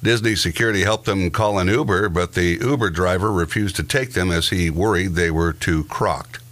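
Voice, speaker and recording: Podcast co-host, male, very low voice, dry news-reading banter. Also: normal speed, fairly bright tone. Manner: dry, laughs at his own asides. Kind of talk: casual chat, reading news items.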